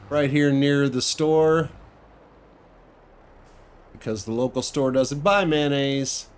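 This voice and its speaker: A let's play gamer chats casually over his farming game, thinking out loud and chuckling occasionally. His medium-pitched voice comes with slight background noise.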